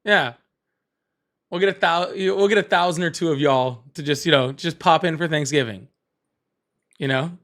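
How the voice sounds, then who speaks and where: A man's voice: a little high, moderate pace, pauses often, a bit bright. A man hosting a casual livestream, rambling, repeating himself and laughing often. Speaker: livestream host.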